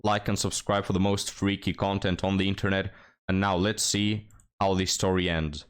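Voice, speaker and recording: A man's voice: sits low, flat delivery, normal speed, clear, resonant tone. A young man hosting a reaction commentary video, mocking and sarcastic as he talks to his viewers. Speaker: commentary channel host.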